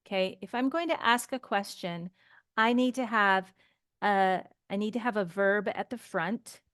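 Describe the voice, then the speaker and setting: Woman teaching english grammar, slow and patient, keeps asking okay?, smooth clear voice. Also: medium pitch, fairly bright tone, dry recording, studio quality. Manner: slow, patient explaining with frequent "okay?" checks. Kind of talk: online grammar lesson.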